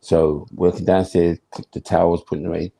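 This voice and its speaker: A man's voice: deep voice, level tone, normal speed, creaky, mellow, breathy edge. A man, a former footballer telling stories as an interview guest, emphatic and slangy, acting out his own thoughts. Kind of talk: animated storytelling in conversation.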